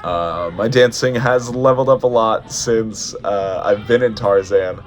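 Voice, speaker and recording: A young man talks casually in a deep, low voice, filling his sentences with ums and restarts. He sounds worn out. Faint music plays under his chatty vlog talk. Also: unhurried. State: tired. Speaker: musical theatre performer.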